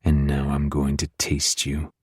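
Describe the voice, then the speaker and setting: A cocky vampire lover, read by a man in an audiobook, teasing and intimate. His voice sits extremely deep and husky, with a dry, close sound and no room around it. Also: monotone, unhurried, dry recording, heavily acted. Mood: teasing, seductive. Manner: low, teasing, intimate delivery. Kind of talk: audiobook dual narration.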